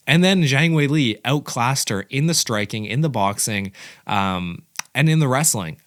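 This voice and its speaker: A man giving casual, excitable commentary as the host of a fight reaction channel, rambling and correcting himself as he goes. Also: medium pitch, moderate pace, no echo, clean studio sound.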